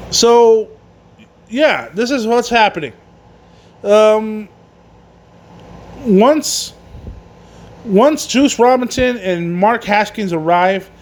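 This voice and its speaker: A man hosting a casual solo wrestling review, rambling and swearing, with many fillers and restarts. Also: sits high. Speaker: wrestling podcast host.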